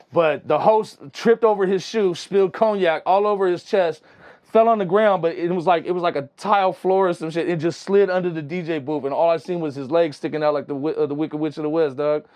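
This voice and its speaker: A young man talks very quickly with a somewhat high voice, telling wild stories in loose, slangy chat. He keeps tossing in "you know what I'm saying" and keeps the energy high, speaking as a music producer guest on an interview. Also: a little mellow. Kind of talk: casual storytelling.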